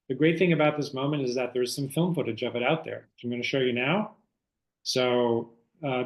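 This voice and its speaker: A man's voice: a little high, reverberant, rough recording. A man, an author, giving a conversational online book talk, telling history as a story with frequent fillers.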